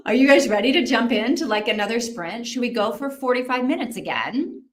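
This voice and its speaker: A woman's voice: on the high side, very animated, normal speed, echoey room, slight background noise. A woman hosting a casual livestream, chatting, thinking aloud and reacting to viewer comments. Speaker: livestream host.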